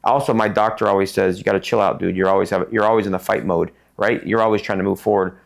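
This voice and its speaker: A middle-aged man from Tucson, a podcast guest telling stories in an animated way and acting out the people in them. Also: fairly low pitch, fast talker, gravelly. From Tucson, Arizona. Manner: animated, acts out voices in his stories. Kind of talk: casual storytelling interview.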